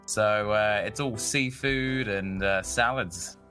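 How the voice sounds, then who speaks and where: A man's voice: on the low side, slow, pushed and bright, faint music behind. A man co-hosting a podcast, chatting casually in an easygoing, jokey, slangy way. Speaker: podcast co-host. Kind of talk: casual chat.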